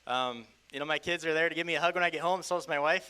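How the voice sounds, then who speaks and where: A young man from Iowa, an auction school student, speaking softly about his family and calling bids in a rapid rhythmic chant. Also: fairly high pitch, slight background noise. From Iowa, USA. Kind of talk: auctioneer's bid calling and interview.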